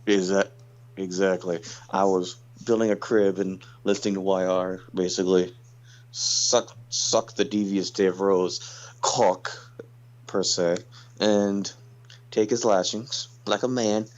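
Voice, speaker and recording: A man's voice: sits low, level tone, slow. A man calling in to a talk show, joking and swearing casually. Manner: joking, profane. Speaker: caller. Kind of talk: casual call-in chat. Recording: muffled call line.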